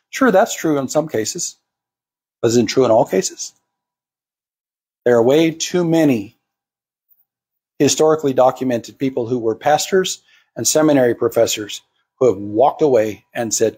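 A man's voice: medium pitch, normal speed, pauses often, mellow, husky. A man preaching to a congregation, acting out the voices of the people he quotes. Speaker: pastor. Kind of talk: sermon.

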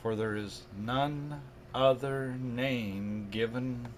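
A man preaching in a video, reading scripture slowly and emphatically, then breaking into mocking asides. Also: mid-range voice, fairly even intonation, a little hiss or hum. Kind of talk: video sermon commentary.

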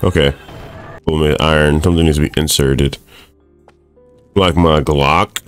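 A young man casually commentating his own gameplay, excitable and swearing at the screen. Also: a bass voice, a little slow, no room sound, faint music behind. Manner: excitable, swears and laughs often, talks to the screen. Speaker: gaming streamer. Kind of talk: let's play commentary.

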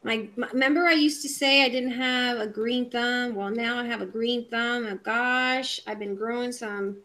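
A woman's voice: on the high side, steady tone, normal speed, sharp tone, rough recording. A chatty woman from Puerto Rico hosting a casual live craft video, rambling and greeting viewers by name. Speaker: craft channel host.

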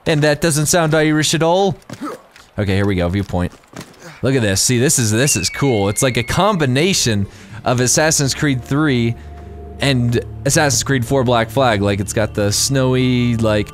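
A man giving casual, rambling let's-play commentary while gaming, excitable and quick to laugh. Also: mid-range voice, faint music behind. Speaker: gaming YouTuber.

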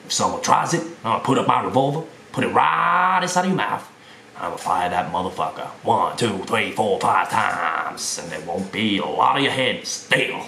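A swaggering Southern American tough guy, put on by a man who swears and brags without a care. The low voice echoes in a roomy space over a faint hiss. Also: animated, normal speed, gravelly, sharp tone, full character voice.

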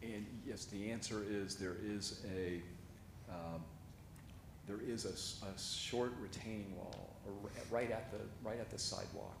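A man presenting a site plan at a city review meeting, halting with many fillers and restarts. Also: lowish voice, fairly even intonation, creaky, noisy background. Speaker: project presenter. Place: city meeting, remote or chamber.

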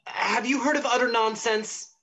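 A woman's voice: on the high side, steady tone, moderate pace, a bit bright, breathy edge. A woman playing an eager, affectionate young nephew in an amateur online play. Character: warm-hearted young male nephew, eager.

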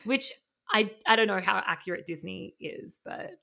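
A woman in her thirties, a podcast guest, chatting excitedly and rambling with many fillers. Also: mid-range voice, normal speed, creaky. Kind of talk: casual podcast chat.

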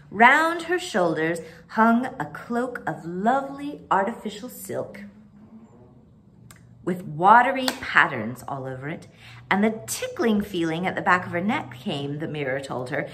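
A woman reading a children's book aloud as a storyteller, expressive and animated. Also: mid-range voice.

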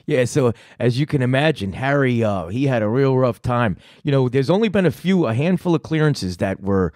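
A man's voice: medium pitch, lively intonation, fairly quick, darkish tone, no echo, clean studio sound. A man hosting a podcast, rambling and swearing as he chats casually. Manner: rambling, profane, laughing. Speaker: host.

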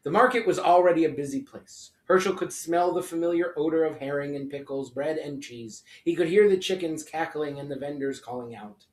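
A man reads a children's story aloud with expressive storytelling, in a somewhat high voice. He sounds set back from the mic. The room adds a clear echo. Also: a little fast, few pauses, recorded from a distance. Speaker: rabbi.

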